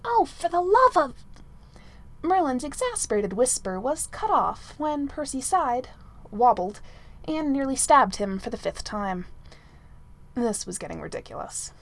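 Woman narrator, storybook reading, lively melodic voice, slightly high, gently wry. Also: measured pace. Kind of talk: audiobook narration of fan fiction.

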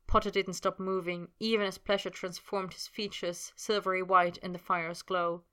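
A woman reading a fan fiction story aloud in steady, unhurried narration. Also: on the low side. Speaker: reader.

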